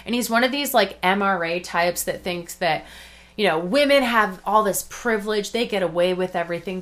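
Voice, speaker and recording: A woman's voice: medium pitch, normal speed, fairly bright tone. A woman co-hosting a casual podcast chat, sarcastic and mocking, often slipping into impressions. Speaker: podcast co-host.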